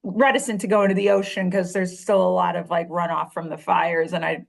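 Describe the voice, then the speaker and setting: A woman's voice: lowish voice, brisk, vocal fry. A woman from Chicago chatting casually as a podcast guest, candid and wry, with many fillers and frequent profanity. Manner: quotes others in animated voices. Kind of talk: casual conversation.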